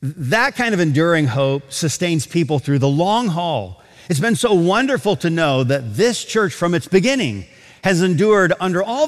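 A man preaching a sermon to a congregation, animated, slowing down to stretch key phrases. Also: fairly high pitch, in a large hall. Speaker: pastor. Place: large auditorium.

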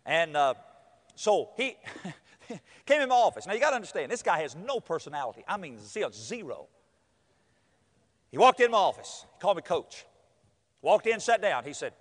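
Telling a story from the pulpit, this man is animated, acting out quotes and laughing as he goes. He has a high voice and a brisk delivery. The recording carries a long hall reverb.

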